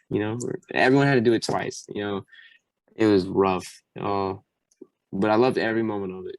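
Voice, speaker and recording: Animated young man with a low voice. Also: moderate pace, dry recording. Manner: animated, acts out quotes. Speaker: podcast guest. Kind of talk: casual storytelling.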